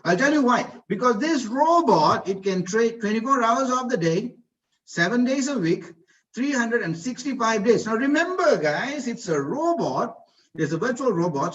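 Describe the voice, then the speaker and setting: Man, high voice, enthusiastic presenter, repetitive, dull lo-fi online audio. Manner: enthusiastic, repetitive, rhetorical questions. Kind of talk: live online slide presentation.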